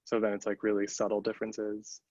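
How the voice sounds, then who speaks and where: A man with a lowish voice thinks aloud through a hypothesis in a tentative way. His audio is dull and lo-fi, with no room sound at all. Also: completely flat delivery, a little fast, a little mellow, no room sound. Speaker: audience member asking a question. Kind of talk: academic discussion.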